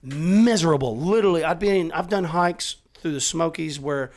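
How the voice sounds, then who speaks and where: His pitch is fairly high and his speed normal as this middle-aged man chats on a casual podcast. He's emphatic, swears a lot, and tells his stories with real animation.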